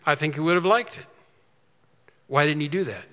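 A man preaching a sermon as pastor, emphatic, swinging from quiet asides to loud, drawn-out declarations. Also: on the high side, big-room sound.

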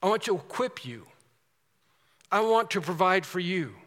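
A man's voice: high voice, animated, normal speed, a bit bright, big-room sound. A man preaching a sermon in an earnest, emphatic way, repeating key phrases for stress.

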